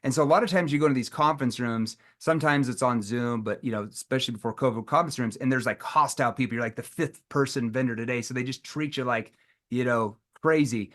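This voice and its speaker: A man's voice: mid-range voice, fast talker. A man teaching a live sales training, talking casually and acting out playful lines he uses with prospects. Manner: animated, acts out playful quotes.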